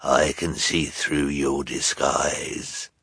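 A man doing a gravelly, sinister hook-handed henchman. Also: rumbling low, flat delivery, sharp tone, dry recording, studio quality, pitched below the performer's own voice, exaggerated voice. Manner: slow, menacing drawl.

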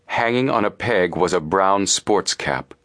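A man narrating a storybook in a steady, measured way. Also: low voice, background noise. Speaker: audiobook narrator. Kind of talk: scripted narration.

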